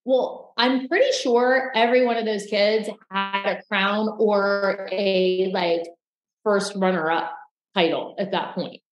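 A woman co-hosting a casual recap podcast, telling stories in a lively way and acting out what others said. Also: mid-range voice, moderate pace, echoey room, rough recording. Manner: animated storytelling, acting out quotes. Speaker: podcast co-host.

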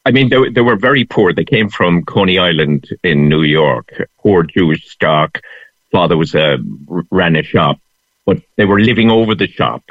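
A man's voice: low-pitched, animated, moderate pace, no echo, narrow, tinny audio. A man, a show guest, chatting casually and telling anecdotes with frequent laughter. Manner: anecdotal storyteller, laughs often. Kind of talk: casual radio chat.

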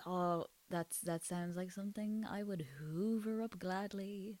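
A woman's voice: medium pitch, fairly even intonation, measured pace, darkish tone. A woman co-hosting a podcast, playful and rambling in casual chat. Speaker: podcast co-host.

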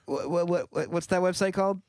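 A man co-hosting a podcast in casual chat, joking and quick to laugh. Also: high-pitched, darkish tone, no echo. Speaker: podcast co-host.

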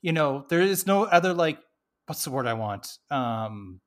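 A man's voice: a little high, sing-song, a little slow. A man co-hosting a podcast, chiming in with joking, wry asides during a casual movie recap. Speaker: podcast co-host.

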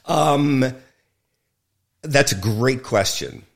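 Man, low voice, film director, interview guest, frank, emphatic, swears, jokey. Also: animated, a little slow. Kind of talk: candid interview conversation.

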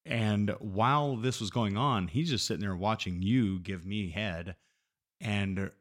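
A man co-hosting a podcast, chatting in a relaxed, wry, teasing way. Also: on the low side, a little slow. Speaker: podcast co-host. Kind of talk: candid casual chat.

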